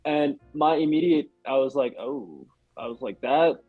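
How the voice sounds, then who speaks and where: A young man talks in a loose, rambling way, stacking up filler words as he chats. His voice is somewhat husky and sounds dull and dry, as if recorded on a basic mic with no room around it. Faint music sits in the background. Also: fairly high pitch, fairly even intonation, a little fast, dry recording. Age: young adult. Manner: rambling, hedging with many "like"s. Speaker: podcast guest. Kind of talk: casual chat.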